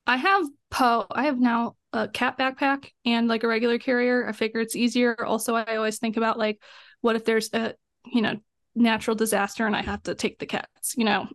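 A young woman co-hosting a podcast narrates a story in a high voice at a fairly quick pace, chatting lively and casually. She curses freely and voices both people in the exchange, and the recording is dry and close-miked.

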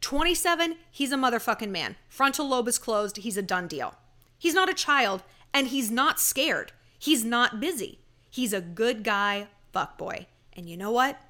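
Sassy, animated woman giving dating advice. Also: a little high, normal speed. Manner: sassy, emphatic, swearing. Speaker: dating advice podcast host. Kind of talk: casual advice monologue.

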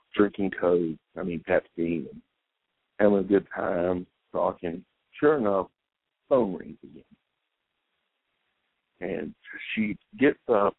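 Low-pitched with vocal fry and no echo, a man hosts a podcast and delivers a long, anecdotal story about himself, voicing each side of the conversation. The recording sounds dry and tinny, like a phone line.

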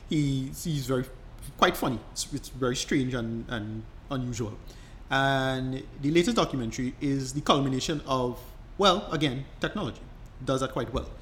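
A man's voice: mid-range voice, moderate pace, hardly any pauses, a bit bright, slight background noise. Rambling man explaining casually. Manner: rambling, restarts often, enthusiastic explainer. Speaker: podcast co-host. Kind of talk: casual chat.

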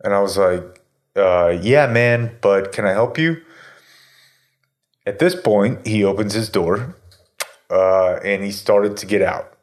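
Rambling man telling a story, low voice. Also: slow pace, long pauses. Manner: rambling storyteller, many fillers and swearing. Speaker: podcast host telling a story. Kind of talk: casual chat.

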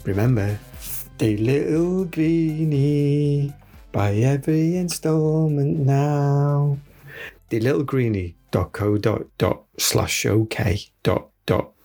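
A man voicing an over-the-top male advert announcer, booming and salesy. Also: slow, mellow, faint music behind. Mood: hammy salesy.

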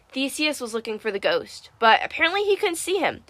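A woman narrating a first-person story in a wry, lively way. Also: high voice, fairly quick, no echo. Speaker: audiobook narrator.

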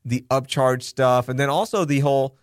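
A man's voice: medium pitch, moderate pace, no room sound, clean studio sound. A man hosting a podcast in casual chat, talking candidly, swearing freely and acting out his own quoted thoughts. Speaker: podcast host.

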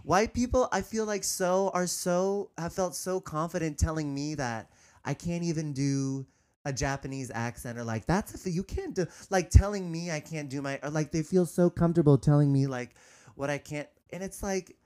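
A man speaking candidly as an interview guest, hesitant, with many restarts, and turning animated as he goes. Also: on the high side, normal speed, smooth. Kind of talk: candid personal conversation.

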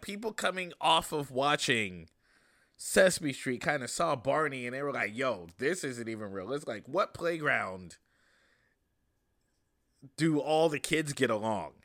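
A young adult man hosting a casual monologue, rambling and relaxed with many fillers. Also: a little high. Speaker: host.

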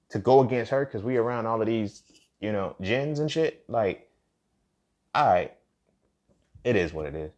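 A man's voice: lowish voice, lively intonation, normal speed, long pauses, a little mellow. A man hosting a solo podcast, talking in a casual monologue with heavy profanity, street slang and repeated phrases. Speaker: podcast host.

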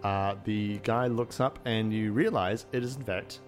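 A man narrating as game master in a tabletop game, halting and full of fillers. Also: lowish voice, steady tone, faint music behind.

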